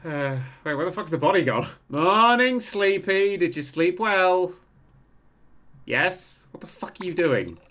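A man talks over his gameplay with a bright, forward tone. His pitch swings widely from low mutters to high yelps. He is excitable and swears freely. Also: measured pace. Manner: excitable, swearing, bursts into laughter. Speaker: gaming channel host. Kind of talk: game commentary.

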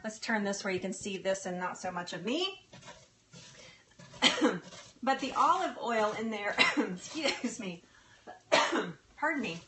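A woman's voice: medium pitch, lively intonation, takes it slowly, long pauses, slight background noise. A woman hosting a live cooking stream from her home kitchen, chatting with viewers and talking to the food as she cooks. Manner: chatty and bubbly, talks to food and thanks viewers warmly. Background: faint sizzling and stirring of cooking.

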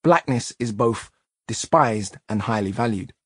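Husky male audiobook narrator. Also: lowish voice, lively intonation, fairly bright tone, no echo, clean studio sound. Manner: measured, emphatic reading. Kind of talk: audiobook reading of nonfiction.

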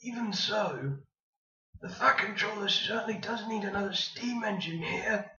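A gentle old steam engine, as voiced by an amateur actor, speaking calmly and explaining. The voice is bright and set back from the mic. The room echoes and the sound is dull. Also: medium pitch, a little slow, far from the mic. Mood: reassuring. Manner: calm, explaining. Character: kindly older engine, gentle and reassuring.

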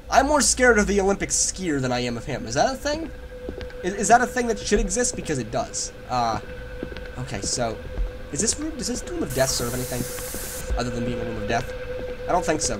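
A man narrating his horror game playthrough in a casual, joking ramble. His voice swings widely up and down and spikes into loud yelps when something scares him. The home recording has a clear hiss of noise behind it. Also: high-pitched, sing-song, fairly quick. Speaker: gamer playing a horror game. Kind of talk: let's play commentary.

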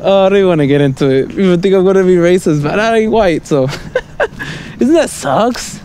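A man with a high but mellow voice rambles through a casual monologue while walking outdoors at night. He keeps checking in with "right?" and "you know?" and chuckles between thoughts. Faint traffic hums behind him. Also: animated, moderate pace, pauses often. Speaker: vlogger. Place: outdoors on a city street at night.

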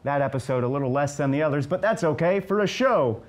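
A man's voice: on the high side, expressive, fast talker. A young man co-hosting a student comedy show with playful, mock-cheerful banter. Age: young adult.

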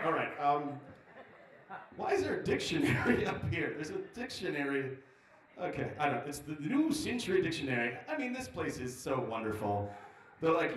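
A man in his forties doing live stand-up, teasing the audience and riffing with wry, sudden loud outbursts. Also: medium pitch, expressive, normal speed, distant mic. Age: 40s. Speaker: stand-up comedian. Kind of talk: live stand-up with crowd work. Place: lodge performance room. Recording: echoey room recorded from afar.

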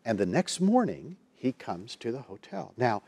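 A man's voice: mid-range voice, very animated, normal speed, vocal fry, mellow, slightly rough, no echo. A man, a Christian counselor and minister, tells a personal story as a guest in a TV interview, acting out the people he quotes.

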